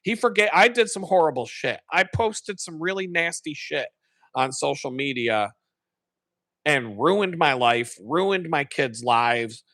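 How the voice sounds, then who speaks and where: A man's voice: fairly high pitch, animated, unhurried, bright, forceful tone, no room sound. A man hosting a live stream, casually retelling a sermon in a rambling, profane way and correcting himself as he goes.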